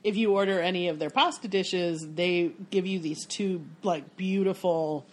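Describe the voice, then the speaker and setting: A woman's voice: on the low side, normal speed. An American woman in casual conversation, telling stories with lots of restarts and fillers. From United States. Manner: chatty, storytelling with many restarts. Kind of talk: casual chat.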